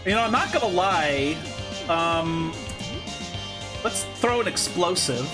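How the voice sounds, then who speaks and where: Excitable man streaming a game, high, lively voice with big swings, faint game music behind. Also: slow pace. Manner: excitable, swearing, with loud surprised outbursts. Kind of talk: live game commentary.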